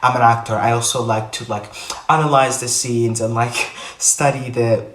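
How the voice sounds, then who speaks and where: A man vlogging to the camera in casual chat, rambling and repeating himself with animated bursts. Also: mid-range voice, moderate pace. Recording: echoey room, a bit far from mic.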